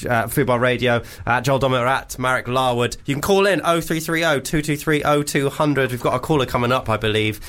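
A man's voice: mid-range voice, fairly quick, hardly any pauses, a bit bright, smooth. A man hosting a casual comedy radio show, jokey and laughing often. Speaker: radio host. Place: radio studio.

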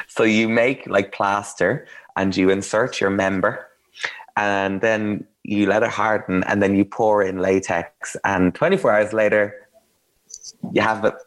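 Deep-voiced man telling stories. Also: fairly even intonation, a little slow, long pauses. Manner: candid, self-mocking, chatty with fillers. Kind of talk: casual anecdotal storytelling.

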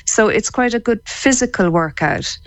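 A woman's voice: fairly high pitch, expressive, moderate pace, no echo. A woman, a psychotherapist guest on a radio interview, explaining things in a chatty way and laughing easily.

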